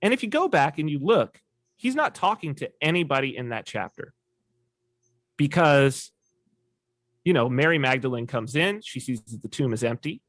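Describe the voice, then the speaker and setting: A man talking as a podcast guest in casual conversation, an animated storyteller who acts out quoted voices. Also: mid-range voice, moderate pace, no room sound, clean studio sound.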